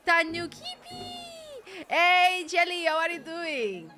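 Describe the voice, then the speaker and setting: A woman's voice: sits high, animated, moderate pace. A woman streamer making playful, jokey asides while playing a game. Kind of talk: casual game commentary. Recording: game music playing behind.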